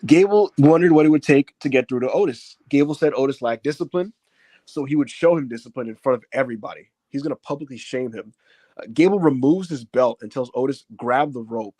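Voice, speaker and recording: A man recapping a wrestling show in casual chat, telling it with lots of fillers and acting out the quotes in big shouts. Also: mid-range voice, fairly quick, no room sound. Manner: animated retelling, acts out quotes in raised shouts.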